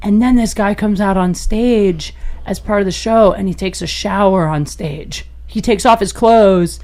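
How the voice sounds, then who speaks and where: A woman comedian, a podcast guest, telling a raunchy personal story in an animated way and laughing as she goes. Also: unhurried. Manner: animated, gets loud and high-pitched as the story peaks; laughs through her own story.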